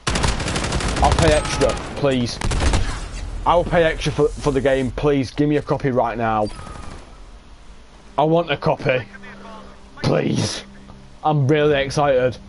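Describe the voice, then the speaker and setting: A young man giving excitable, sweary live commentary while playing a shooter game. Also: mid-range voice, slow pace, pauses often, noisy background. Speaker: gaming streamer.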